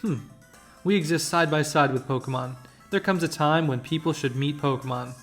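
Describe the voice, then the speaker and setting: A man voicing a stern, measured older male professor in a video game, reading his lines in a grave, deliberate way. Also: fairly high pitch, fairly bright tone, faint music behind.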